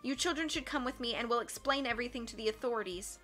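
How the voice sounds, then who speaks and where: A woman's voice: a little high, quick pace, fairly bright tone, natural voice. A woman reading the part of a tearful, earnest woman judge who pleads with the children, faint music behind. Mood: tearful pleading. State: crying.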